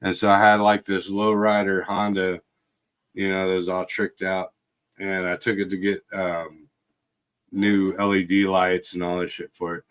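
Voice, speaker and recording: A man recalls old days in a loose, foul-mouthed chat. His delivery is slow and unhurried, broken by frequent laughter. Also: deep voice, completely flat delivery, fairly bright tone, clear, resonant tone. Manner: profane, laughing, slow drawl. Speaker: podcast host. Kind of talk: casual storytelling chat.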